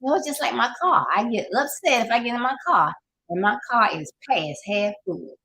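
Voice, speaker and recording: A woman's voice: fairly high pitch, lively intonation, fairly quick, sharp tone, slightly rough, low-quality recording. An older woman with a Southern US accent, hosting a casual motivational talk, folksy and preachy, sometimes laughing as she talks. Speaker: life coach host.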